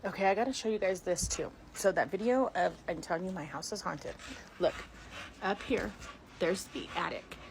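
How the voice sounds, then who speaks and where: A woman's voice: lowish voice, normal speed, gravelly. A middle-aged woman filming on her phone inside her house, talking to viewers in a scared, breathless way that drops to whispers. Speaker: homeowner filming a haunting. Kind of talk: frightened phone video to viewers. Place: inside a house, stairs and rooms. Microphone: handheld phone. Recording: noisy home phone recording.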